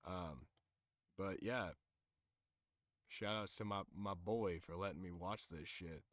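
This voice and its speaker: A man's voice: low-pitched, slow pace. A man streaming, chatting casually about music and anime in a loose, profane, rambling way with lots of fillers. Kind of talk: casual livestream chat.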